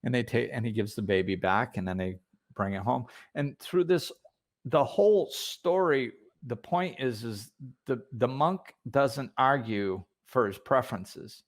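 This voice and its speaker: A man's voice: mid-range voice, unhurried. A man hosting a podcast, telling a spiritual story in a loose, casual way full of fillers and restarts. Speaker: podcast host.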